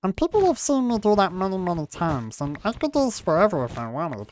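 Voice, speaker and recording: A man with a high, sing-song, somewhat mellow voice talks fairly quickly while chatting casually on a live stream, with a faint hiss or hum behind him. He rambles and keeps trailing off and starting over, a quirky manner he admits to himself.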